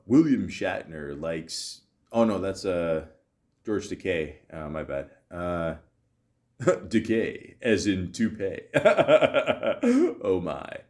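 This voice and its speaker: Young canadian guy on his podcast, lowish voice, rambles and swears, jokes at himself. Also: slow, a little mellow. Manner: rambling, self-mocking asides with frequent swearing. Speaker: podcast host. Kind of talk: casual commentary reading a list aloud.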